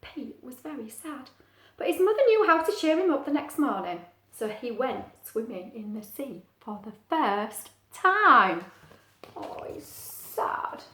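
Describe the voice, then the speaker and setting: With a high voice and a measured pace, a middle-aged woman who teaches reads a children's picture book aloud. Her tone is gentle and lively, she asks the listener questions, and the space echoes.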